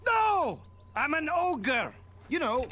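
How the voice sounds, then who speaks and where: An actor playing a blunt, grumpy big male ogre in an animated film, with a broad Scottish accent. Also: very high-pitched, slow, full character voice. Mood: gruff. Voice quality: broad rolling Scottish burr.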